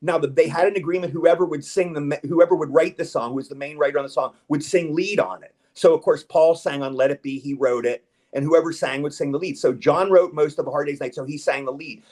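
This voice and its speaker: A man's voice: fairly high pitch, brisk, few pauses, darkish tone. A man chatting as a guest in a casual interview, rambling and eager, with stammered restarts. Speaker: guest actor.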